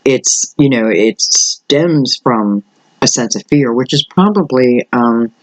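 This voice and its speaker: An older man, slightly hoarse, giving a rambling solo tarot reading and thinking aloud with many fillers. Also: medium pitch, animated, slow, low-quality recording. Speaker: tarot reader.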